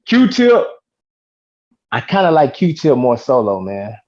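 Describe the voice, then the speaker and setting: A man in a casual podcast debate, talking in a relaxed, hesitant way and tacking "man" onto his sentences. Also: medium pitch, moderate pace, lo-fi sound. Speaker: podcast co-host.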